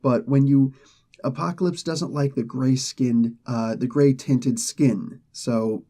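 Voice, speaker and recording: A man recaps a comic book plot in a relaxed, rambling way. His voice is mellow and dark, and it sits in a middle pitch. He keeps breaking off to act out what the characters say. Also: slow. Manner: loose, rambling retelling with acted quotes.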